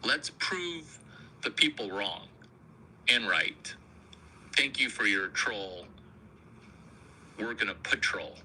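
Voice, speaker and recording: A man's voice: lowish voice, slow pace, pauses often, pushed and bright, a little hiss or hum, low-quality recording. A man hosting a rambling comic monologue, provocative, crude and self-mocking. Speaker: comedian host.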